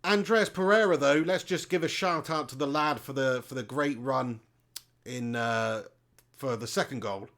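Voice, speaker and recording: A man's voice: medium pitch, moderate pace, fairly bright tone. A man hosting a live football watch-along stream, chatting casually and reading out viewer comments. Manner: chatty, reads out viewer comments, calls them mate.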